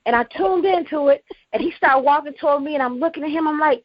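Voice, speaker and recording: A woman calling in to a talk show, chatting excitedly and gushing, repeating herself as she tells her story. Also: high-pitched, quick pace, no room sound. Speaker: caller. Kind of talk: excited call-in chat. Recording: muffled phone line with faint hiss.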